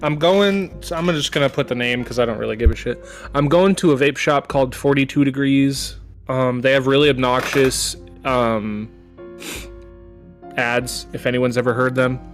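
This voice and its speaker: A young man co-hosting a casual podcast chat, relaxed and rambling, swearing now and then. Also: mid-range voice, moderate pace, soft background music. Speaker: podcast co-host.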